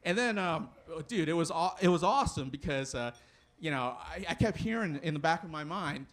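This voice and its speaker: A man's voice: fairly high pitch, animated, fairly quick, fairly bright tone. A young man doing a stand-up comedy set, rambling with plenty of fillers and restarts. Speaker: stand-up comic.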